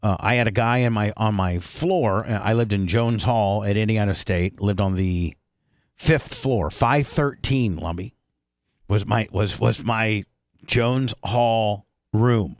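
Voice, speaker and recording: A man's voice: lowish voice, slow, no echo, studio quality. Rambling radio host in his fifties. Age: 50s. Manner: rambling storyteller, frequent restarts and throat-clearing. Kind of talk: casual chat.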